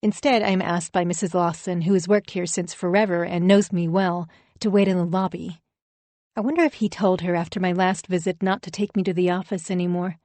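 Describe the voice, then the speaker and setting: A woman narrating a first-person thriller audiobook in an even, wry storytelling manner. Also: fairly low pitch, brisk, dry recording.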